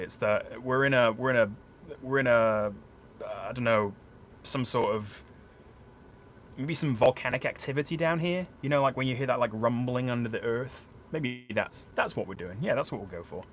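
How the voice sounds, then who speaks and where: A chatty man with a South Yorkshire accent talks through a solo board game on a live stream, rambling and thinking aloud as he explains each move to his viewers. His pitch sits in an ordinary middle range, and a faint hum of a home boiler hangs behind him in the room. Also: fairly bright tone. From small town outside Sheffield, England. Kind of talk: casual live-stream chat explaining rules. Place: indoors at home, curtained room. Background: faint boiler noise.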